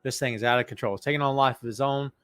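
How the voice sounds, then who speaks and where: A man's voice: mid-range voice, fairly even intonation, rapid-fire, a bit bright, clear, resonant tone, no echo, clean studio sound. A man hosting a casual podcast livestream, joking around and greeting viewers in the chat by name. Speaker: podcast host.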